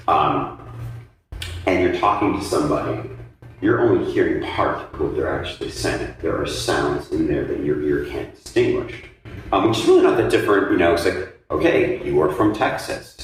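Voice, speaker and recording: A man being interviewed about blues dancing, talking in a thoughtful, casual way with many fillers. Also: extremely low pitch. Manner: thoughtful, many ums and you-knows, animated when joking. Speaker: interviewee, blues dance teacher. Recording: echoey room, mic set at a distance, faint noise.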